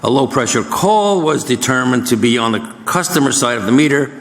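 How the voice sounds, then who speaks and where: A man's voice: mid-range voice, animated, brisk, a bit bright. Man council member, plain report reading, roomy echoey chamber. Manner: matter-of-fact, listing items.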